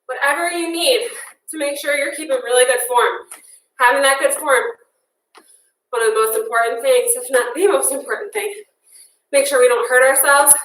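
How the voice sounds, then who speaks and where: Bright, high-voiced woman fitness instructor. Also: normal speed, a little hiss or hum. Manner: upbeat, encouraging, counts down and whoops. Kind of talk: live workout class cueing. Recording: echoey room, voice from a distance.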